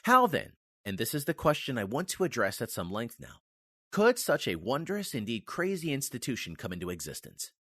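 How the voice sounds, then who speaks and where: Lively, emphatic man reading. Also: mid-range voice, a little fast, no echo, clean studio sound. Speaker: reader of a history book. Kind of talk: formal reading of a nonfiction text.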